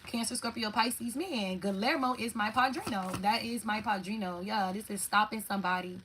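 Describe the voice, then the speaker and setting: A woman giving a loose, unscripted tarot reading, swearing freely and talking straight to her viewers. Her voice sits at a middle pitch, and she jumps quickly from thought to thought with lots of feeling. A faint hiss of noise sits under the recording. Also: rough recording. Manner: blunt, profane, animated, talks to viewers directly. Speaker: tarot reader. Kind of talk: live tarot reading, casual monologue.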